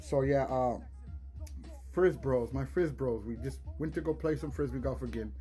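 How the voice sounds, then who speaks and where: A man's voice: mid-range voice, normal speed, mellow, soft background music. A young man hosting a casual solo podcast, rambling with lots of swearing, laughs and restarted words. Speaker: podcast host.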